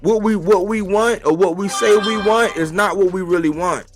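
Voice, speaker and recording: Male boxing streamer, slightly high voice, casual slangy rant, repeats lines for emphasis, soft music underneath. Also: moderate pace. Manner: animated, rhetorical, slangy, repeats phrases. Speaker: boxing commentator. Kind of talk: casual boxing talk monologue. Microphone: live-stream mic.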